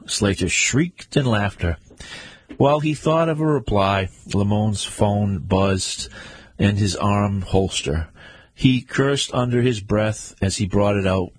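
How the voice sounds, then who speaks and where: A man narrating an audiobook in a steady, plain reading. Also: on the low side, slow, breathy edge, no echo.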